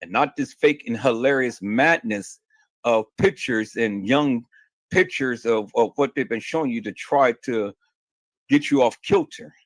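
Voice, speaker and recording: A man's voice: medium pitch, measured pace, dry recording. A man hosting a livestream and answering viewer questions, emphatic and insistent, often stammering and repeating words. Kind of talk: heated livestream talk.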